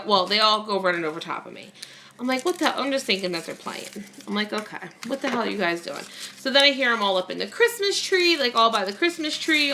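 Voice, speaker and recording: A woman's voice: mid-range voice, vocal fry, bright, forceful tone, slight background noise. A woman vlogging at home, chatting casually while crafting and telling a long rambling story full of fillers.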